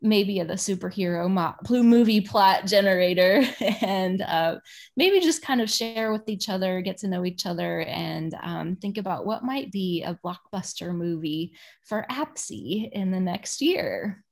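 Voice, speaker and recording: A woman's voice: medium pitch, lively intonation, unhurried, creaky. A woman in children's ministry hosts a workshop over a video call. She talks casually and chattily, with plenty of fillers as she tells stories and explains tasks. Her voice comes through a computer microphone. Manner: chatty, warm storytelling with many fillers. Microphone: computer mic on a video call.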